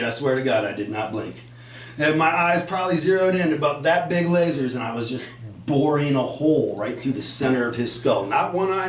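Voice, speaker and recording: Man from Flint, lively storyteller, high-ish voice, foul-mouthed, echoey cafe room heard from a distance. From Flint, Michigan. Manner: animated, profane, swings from low mutters to shouted bursts. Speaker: open mic storyteller. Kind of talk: comic storytelling. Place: cafe open mic night. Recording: echoey room, mic far off, faint noise.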